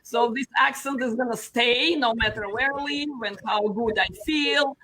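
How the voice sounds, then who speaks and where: Bright-voiced Russian-accented woman. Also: fairly high pitch, normal speed, poor audio. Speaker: guest. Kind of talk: casual chat.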